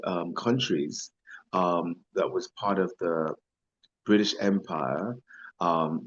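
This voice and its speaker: A man's voice: deep voice, muffled recording. A middle-aged man from Belize with a Belizean accent, speaking as an interview guest in a thoughtful, hesitant way with many fillers. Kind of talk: casual conversational interview.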